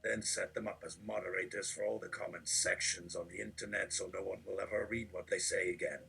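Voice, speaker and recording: A man reading absurd text aloud in a deadpan, mock-preachy delivery, with a gravelly voice. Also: sits low, a little fast, a little hiss or hum, rough recording.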